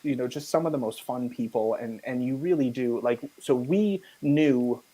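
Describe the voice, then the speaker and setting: An American man with a husky voice, a podcast guest telling lively travel stories and acting out other people's lines. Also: medium pitch, normal speed, poor audio. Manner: animated storyteller who acts out other people's lines. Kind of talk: storytelling in a podcast interview.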